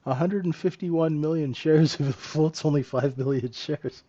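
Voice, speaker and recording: A man's voice: mid-range voice, normal speed, hardly any pauses, dark tone, dry recording, lo-fi sound. A middle-aged man hosting a live trading room, chatting casually and joking with viewers, laughing often. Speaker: trading room host and mentor.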